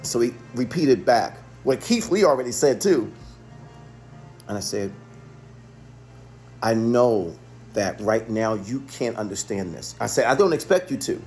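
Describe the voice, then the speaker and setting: A man's voice: medium pitch, lively intonation, measured pace, pauses often, a little mellow, faint music behind. A man, a chef, telling the story of a phone call in an earnest monologue, often repeating himself for emphasis. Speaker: chef and restaurant owner.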